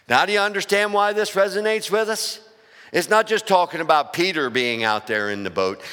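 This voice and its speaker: A man's voice: a little high, pushed and bright, smooth. A male pastor preaching a sermon, asking the congregation questions and building emphasis. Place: church sanctuary. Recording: long church reverb.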